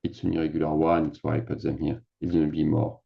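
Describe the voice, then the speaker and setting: Deep-voiced teacher, lo-fi sound. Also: male voice, level tone, quick pace, gravelly. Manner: chatty, self-mocking, thinks aloud while typing. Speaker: French teacher. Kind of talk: casual screen-share lesson.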